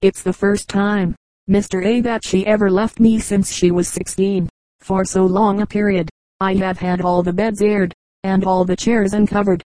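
A woman's voice: medium pitch, level tone, moderate pace, dark tone, dry recording, close to an everyday voice, low-quality recording. Doting tearful mother, as a woman reader puts her on. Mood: gushing. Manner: gushing, sobbing.

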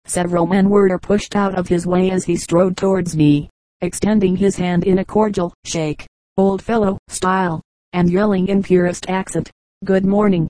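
An audiobook reader giving a measured, even narration of a travel memoir. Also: medium pitch, no echo, rough recording.

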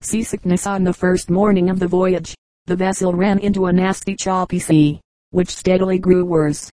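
A woman reading a book of humorous anecdotes aloud as an audiobook narrator, in a measured, even storytelling delivery. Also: fairly low pitch, no echo, rough recording. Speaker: audiobook reader. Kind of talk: scripted narration.

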